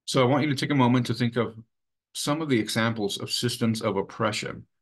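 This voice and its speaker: A man presenting a training webinar in an earnest, measured way, with many fillers. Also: medium pitch. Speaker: webinar presenter for a sexual assault coalition.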